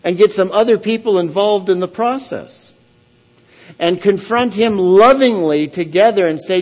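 A pastor delivers a sermon in church, questioning his listeners with earnest intensity and building to loud emphasis at the important moments. His voice sits high at a normal speed, and the audio is dull.

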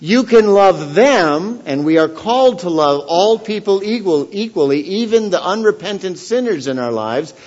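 A man giving a sermon as pastor, earnest and questioning the congregation, swelling to loud emphasis on key points. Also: high voice, expressive, moderate pace, few pauses, dull audio. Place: church.

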